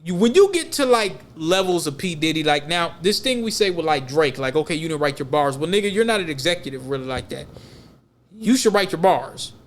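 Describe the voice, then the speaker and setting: A male podcast co-host speaks in a fairly high, animated voice at a brisk clip. His casual podcast chat is loose, rambling and emphatic, packed with slang.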